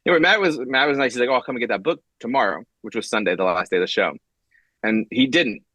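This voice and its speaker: Fast, bright-voiced man telling stories. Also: medium pitch, no room sound. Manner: animated, acts out quotes, many fillers and restarts. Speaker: guest comic writer. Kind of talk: casual storytelling interview.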